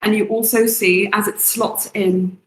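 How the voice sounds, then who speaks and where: A woman narrating a tabletop game as game master, setting each scene slowly and in detail. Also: mid-range voice, steady tone, fairly bright tone, echoey room, rough recording. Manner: slow, descriptive scene-setting.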